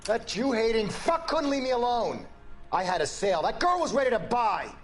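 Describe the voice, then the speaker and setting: An actor playing a bitter, defensive shopkeeper accused of murder. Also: male voice, very high-pitched, sing-song, moderate pace, soft background music. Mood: indignant. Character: cornered, indignant middle-aged male shopkeeper. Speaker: murder suspect under interrogation.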